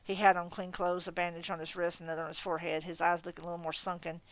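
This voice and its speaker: A woman with a low, slightly tired voice reads a first-person novel aloud, expressive and unpolished. She is recorded close to the mic in a dry, dead room with no echo. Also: racing. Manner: expressive reading, breaking off to laugh and comment. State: voice getting tired. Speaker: audiobook reader. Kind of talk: audiobook reading of a novel.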